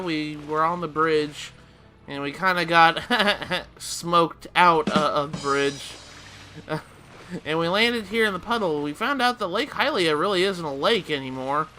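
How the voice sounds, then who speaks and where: A man's voice: high-pitched, sharp tone, a little hiss or hum. A man hosting a video game let's play, explaining the game in a rambling, chuckling way with frequent restarts. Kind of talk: casual gameplay commentary.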